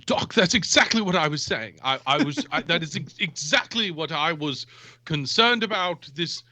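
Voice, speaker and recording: A man's voice: fairly high pitch, animated, moderate pace, bright, forceful tone. A man playing his character at a tabletop game, flustered and stammering. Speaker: player.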